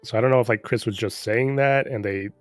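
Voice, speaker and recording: A man's voice: mid-range voice, a little fast, no echo, soft background music. A man casually recapping a game's story in a rambling, profane, sarcastic way. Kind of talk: casual chat.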